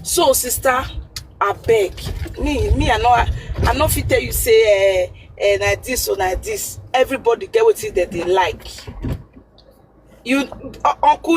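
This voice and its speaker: A woman's voice: high-pitched, slight background noise, poor audio. A woman caller with a Nigerian Pidgin accent giving earnest advice over the phone, repeating her points for emphasis. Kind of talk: call-in advice.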